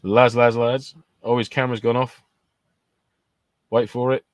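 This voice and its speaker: A man's voice: mid-range voice, level tone, a little slow, no echo. A man co-hosting a casual podcast chat, bantering and laughing often. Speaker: podcast co-host.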